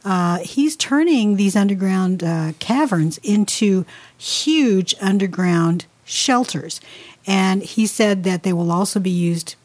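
A woman with a medium-pitched voice co-hosting a casual chat. She jokes and laughs easily, then settles into long explanations. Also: animated, slow pace, a little mellow. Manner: laughing, playful, explains at length. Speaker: co-host.

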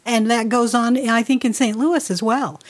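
A woman's voice: on the high side, fairly even intonation, normal speed. Playful woman co-hosting a chat. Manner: laughing, playful, explains at length. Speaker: co-host. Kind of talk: casual chat.

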